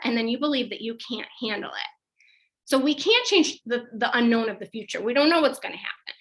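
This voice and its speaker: Woman, 30s, psychologist, parent workshop, conversational, lots of fillers, bright tone. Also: on the high side, rough recording. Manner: chatty and conversational, with frequent fillers and self-corrections. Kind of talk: informal workshop presentation.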